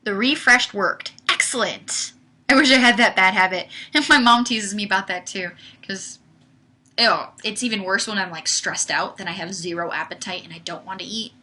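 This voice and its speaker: At a moderate pace and with a sharp tone, a young woman speaks in a mid-range voice as she hosts a livestream. She answers viewers' questions casually and chattily, her speech filled with "like" and "um."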